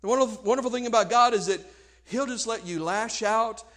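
A male preacher delivering a sermon, impassioned, swinging between hushed and loud passages and repeating words as he presses a point. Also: sits high, brisk.

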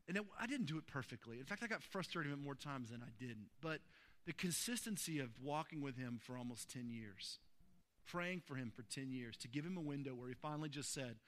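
Guy pastor preaching, bright and kinda high voice, earnest, gets loud and emphatic. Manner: earnest, builds to emphatic peaks, tells personal stories. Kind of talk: sermon.

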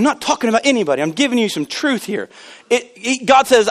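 Animated high-voiced man preaching. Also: fairly quick. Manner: animated, swings between loud exclaims and hushed low asides. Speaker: pastor. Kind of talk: sermon. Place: church sanctuary.

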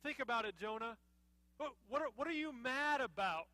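A man's voice: very high-pitched, animated, normal speed, dry recording, heavily acted. A man preaching a sermon, voicing God as a patient, merciful questioner. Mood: patient questioning. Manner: gently probing, questioning.

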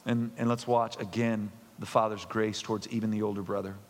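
A man preaching a sermon, emphatic, with loud excited bursts and quiet earnest asides. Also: lowish voice, a little fast, a little hiss or hum. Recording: long reverb of a large hall.

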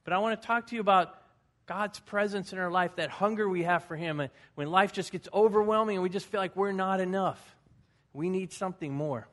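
A man's voice: sits high, fairly quick, a bit bright. A man in his fifties, a pastor giving a folksy, conversational sermon with personal stories.

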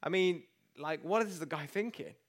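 A middle-aged man, a pastor preaching a sermon in an animated, storytelling way. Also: a little high, normal speed.

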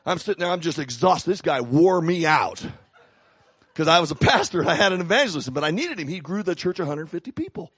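A middle-aged man, a pastor, preaching a sermon with animated, humorous storytelling. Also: on the high side, brisk, husky, no echo.

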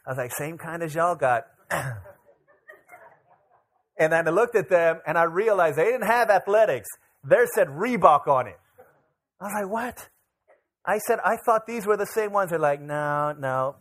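Animated man preaching a story-filled sermon. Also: a little high, unhurried, pauses often. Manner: animated, acts out voices of people in his stories. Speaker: pastor.

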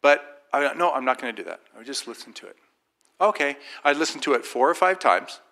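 A man shares a personal faith testimony in a loose, conversational way. His voice is bright and forceful, and he brings his stories to life by acting out the people in them. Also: medium pitch, fairly quick. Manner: animated storyteller who acts out other people's voices. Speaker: Christian speaker sharing a personal testimony. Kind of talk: informal faith testimony storytelling.

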